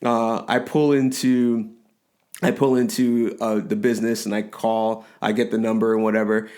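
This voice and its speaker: A man in his forties co-hosting a podcast, telling a story in casual chat with lively restarts and frequent laughs. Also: fairly low pitch, moderate pace. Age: 40s. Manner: animated storyteller, rambling restarts, laughs often. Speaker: podcast co-host.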